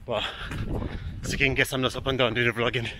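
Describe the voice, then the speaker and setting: A man's voice: medium pitch, little pitch movement, quick pace. A man with a British accent, slightly out of breath, filming a fitness run outdoors on a handheld camera and calling out encouragement to the runners. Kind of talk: outdoor vlog with shouted encouragement. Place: outdoors on a running route. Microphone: handheld camera while running. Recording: noisy outdoor recording.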